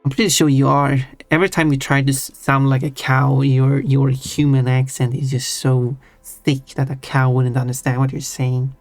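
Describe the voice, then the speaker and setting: A man's voice: mid-range voice, little pitch movement, normal speed, few pauses, dry recording, soft background music. A man streaming and chatting casually with his viewers, teasing them playfully. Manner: playful, teasing, laughs between words.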